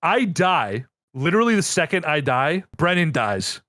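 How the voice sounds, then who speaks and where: Lively animated man telling gaming stories. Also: fairly high pitch, normal speed, no room sound, studio quality. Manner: animated storyteller, swears freely. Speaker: podcast co-host. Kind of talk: casual gaming podcast chat.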